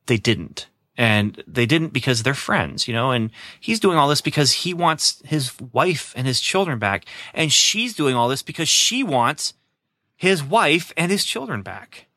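Bright, dry-voiced chatty podcast host. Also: male voice, mid-range voice, very animated, a little slow, dry recording. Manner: chatty, enthusiastic, laughs easily. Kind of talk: casual podcast chat.

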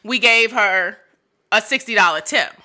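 A woman telling a lively story in a casual chat with her husband, animated and laughing as she talks over him. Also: mid-range voice, a little slow.

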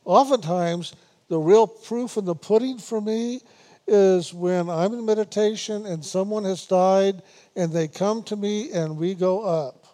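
A man with a high, mellow voice gives a spiritual meditation talk. He speaks slowly and repeats himself on purpose. He teases his listeners gently and laughs now and then. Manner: unhurried, repetitive, gently teasing with laughs. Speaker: spiritual teacher.

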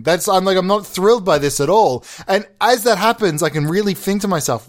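A man rambles through a comedy podcast monologue with a somewhat high voice. He swears freely and works himself into mock outrage. His delivery is loose, full of fillers and restarts. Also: a little fast, hardly any pauses. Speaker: podcast host.

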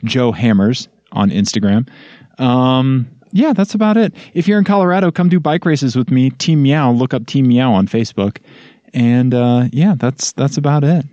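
A man's voice: mid-range voice, lively intonation, normal speed, warm tone, no echo, lo-fi sound. A man co-hosting a casual podcast, joking and rambling with lots of fillers, recorded at home. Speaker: podcast co-host. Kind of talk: casual chat. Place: home blanket fort.

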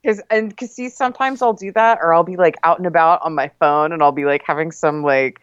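A woman co-hosting a podcast in casual chat, quick to agree and laugh along. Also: deep voice, clean tone, muffled recording. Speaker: podcast co-host. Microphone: remote recording.

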